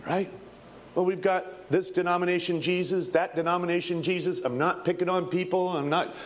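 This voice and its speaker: A man preaching a revival sermon in a folksy, fervent manner, rising to shouts, on an old archival recording. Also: high voice.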